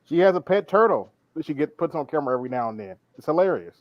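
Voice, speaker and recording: A man chatting casually, quickly chiming in with agreement. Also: on the high side, big pitch swings, dry recording. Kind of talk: casual chat. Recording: dull, dry, lo-fi sound.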